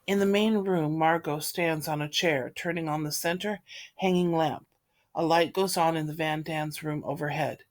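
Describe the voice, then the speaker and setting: A woman reading a play aloud, steadily and clearly reading out its stage directions. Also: deep voice, steady tone, moderate pace. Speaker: reader.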